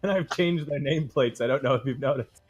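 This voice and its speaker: A man's voice: mid-range voice, fast talker, slightly rough, dull audio, faint music behind. A man running a tabletop game as game master, narrating in a playful way and laughing often.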